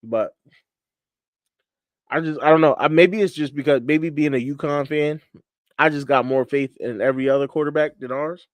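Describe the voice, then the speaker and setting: A man's voice: on the high side, moderate pace, long pauses, no echo. A man from Connecticut hosting a casual sports chat show, laid-back and repeating himself, laughing often. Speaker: podcast host. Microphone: studio mic on a livestream.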